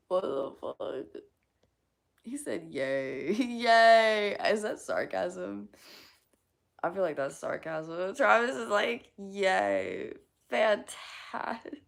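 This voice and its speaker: Woman, live streamer, casual chat, gravelly, bouncy intonation, frequent giggles, casual swearing. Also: mid-range voice, sing-song, slow pace, pauses often.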